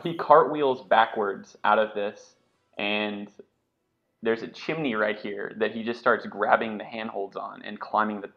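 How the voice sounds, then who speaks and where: A man's voice: on the low side, creaky, a bit bright, rough recording. A man narrating as game master, telling the action loosely with many fillers and asides.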